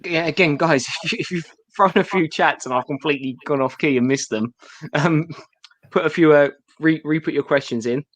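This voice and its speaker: A man's voice: on the high side, normal speed, a bit bright, no room sound. A man co-hosting a live podcast, chatting casually and often laughing through his words. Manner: giggly, talks through laughs. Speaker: podcast co-host. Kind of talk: casual chat on a live stream.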